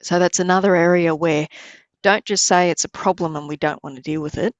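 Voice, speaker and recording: A middle-aged woman, a lawyer giving measured, explanatory advice in a podcast interview. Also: fairly low pitch, fairly even intonation, no echo, highs cut off. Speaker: lawyer guest.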